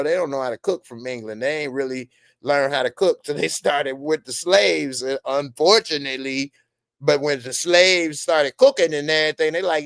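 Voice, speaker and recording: A man's voice: fairly high pitch, a bit bright, no room sound, clean studio sound. A middle-aged man hosting a casual show, riffing in loose slang and reading out viewer comments. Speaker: host.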